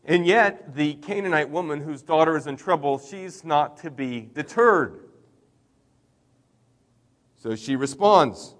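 A middle-aged man preaching a sermon in a conversational way, with emphatic swings in loudness. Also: a little high, expressive, slow, long pauses, long reverb tail. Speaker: pastor.

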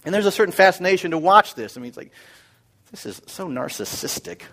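Emphatic male preacher, higher voice. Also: big pitch swings, fairly quick. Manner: emphatic, repeats key phrases, surges louder on points. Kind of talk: expository sermon.

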